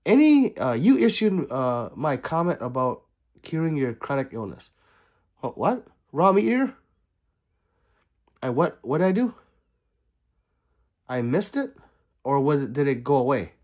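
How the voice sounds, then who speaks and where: A man hosting a livestream, chatting casually and reading out viewer comments, swinging between loud remarks and quiet asides. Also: medium pitch, very animated, moderate pace, pauses often. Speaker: livestream host.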